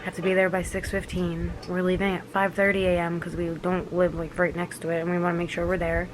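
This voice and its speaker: A woman's voice: lowish voice, completely flat delivery, fairly quick, background noise. A woman of twenty-one chatting to camera as a vlogger, rambling and correcting herself as she goes. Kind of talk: casual chat to camera.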